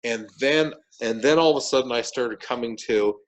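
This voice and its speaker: A man telling a story as an interview guest, animated and full of restarts and repeated words. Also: mid-range voice, normal speed, muffled recording. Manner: animated, repeats words and restarts sentences while retelling events.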